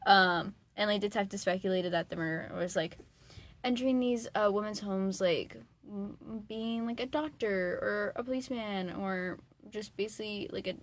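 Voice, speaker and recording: A woman's voice: medium pitch, normal speed. A young woman from Massachusetts co-hosting a podcast in a small studio, chatting and laughing as she explains a case. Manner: chatty, laughing, acts out quoted voices. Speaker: podcast co-host. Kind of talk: casual chat.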